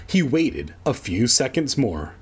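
Male reader, husky and animated, storybook narration with crude off-script asides. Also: mid-range voice, slow. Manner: irreverent, swears in offhand asides. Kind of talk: casual storybook reading with asides. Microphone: home recording, edited later.

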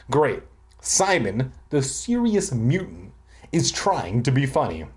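A man's voice: medium pitch, sing-song, unhurried, darkish tone. A young man giving a comedic reading of a children's book, breaking off for crude, irreverent asides. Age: young adult. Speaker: reader.

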